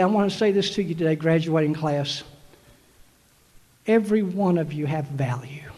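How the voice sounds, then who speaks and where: His voice is high yet darkish in tone. A commencement preacher, he drives his message home to the graduating class through emphatic repetition, and the recording carries a long hall reverb.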